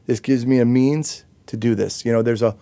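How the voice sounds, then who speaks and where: Mellow-voiced male podcast host. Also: mid-range voice, fairly even intonation, moderate pace, smooth, no room sound. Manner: reflective, with frequent fillers and restarts. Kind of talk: conversational interview.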